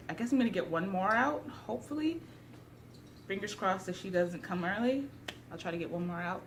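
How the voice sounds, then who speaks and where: A woman's voice: on the low side, a little hiss or hum. A young pregnant woman chatting casually to camera in a vlog, a little out of breath and self-deprecating. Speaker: vlogger. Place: at home indoors.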